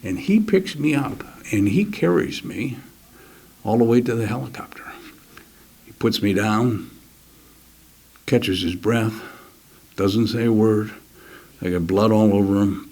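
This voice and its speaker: Older guy telling a war story, kinda husky low voice, stops and restarts a lot, gets quiet sometimes. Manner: halting, many restarts, drops to a near whisper at key moments; acts out other soldiers' words in quick quoted voices. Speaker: interview guest. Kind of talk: personal war story told in an interview.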